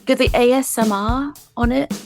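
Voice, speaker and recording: A woman's voice: fairly high pitch, moderate pace, vocal fry, over music. A woman with a British accent, a podcast guest chatting playfully and giggling often. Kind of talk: casual chat.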